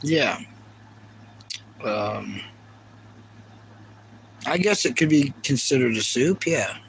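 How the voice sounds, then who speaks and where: A man's voice: mid-range voice, animated, takes it slowly, vocal fry, slight background noise, rough recording. A man with a Kentucky accent chatting casually on a live stream, rambling earnestly and reading viewer comments aloud. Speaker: livestreamer.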